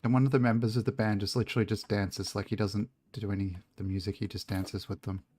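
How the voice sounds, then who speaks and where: A man's voice: on the low side, level tone, quick pace, a little mellow, faint music behind. A man chatting casually and joking as he streams a video game, swearing freely. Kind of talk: casual chat while gaming.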